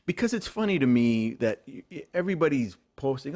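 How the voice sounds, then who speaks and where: Male guest, 40s, rambling and animated, pitch swings a lot, mid voice. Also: quick pace, few pauses. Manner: rambling, self-correcting, animated. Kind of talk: casual chat.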